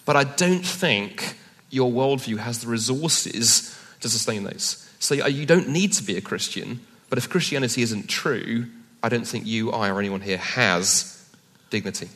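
A man speaking at a live public debate, animated and joking with quick asides. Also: medium pitch. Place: event hall with audience. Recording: long reverb of a hall.

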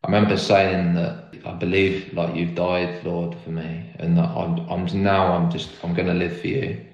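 A man's voice: low voice, flat delivery, moderate pace, lo-fi sound. A young man telling the story of his faith as an interview guest, earnest and rambling, with lots of "like" fillers. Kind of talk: casual conversational testimony. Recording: roomy echo.

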